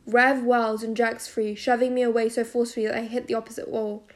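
Woman narrating a novel in an even voice. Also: a little high, fairly quick. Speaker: audiobook narrator. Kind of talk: first-person novel narration.

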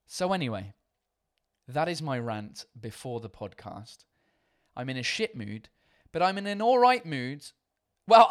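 A tired man hosting a comedy podcast and livestream, chatting in a rambling, self-mocking way and swearing freely. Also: medium pitch. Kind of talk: casual rambling chat.

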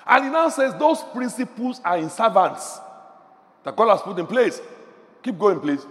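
Male preacher, high animated voice, fervent, soft-to-shouting delivery, reverberant hall. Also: moderate pace. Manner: fervent, swings from murmurs to shouts. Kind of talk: sermon.

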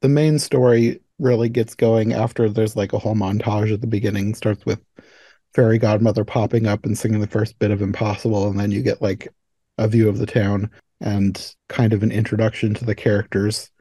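A man's voice: on the low side, level tone, fairly quick, dark tone, no room sound. A man hosting a podcast, chatting casually about a movie with many fillers and frequent laughs. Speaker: podcast host. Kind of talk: casual chat.

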